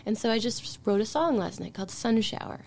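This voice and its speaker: A woman's voice: a little high, expressive, a little fast, gravelly, darkish tone. Chatty Canadian woman, reflective songwriter guest. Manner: chatty and reflective, with frequent light laughs. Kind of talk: casual podcast interview.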